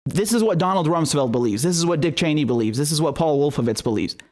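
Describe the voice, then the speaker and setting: A man's voice: a little high, lively intonation, quick pace, a little mellow. A male political commentator delivering a profane, sarcastic and exasperated solo rant.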